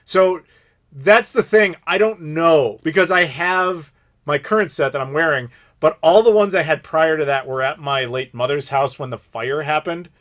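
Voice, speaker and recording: In his thirties, this man hosts a live Q&A stream and rambles through stories in easygoing conversation. He speaks at a moderate pace in a slightly high voice, animated and laughing as he goes.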